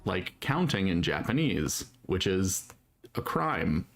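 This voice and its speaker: Low-voiced chatty man streaming a game. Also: big pitch swings, slow pace, gravelly, faint music behind. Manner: chatty and rambling, laughs easily. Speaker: streamer playing a video game. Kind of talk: casual chat while gaming.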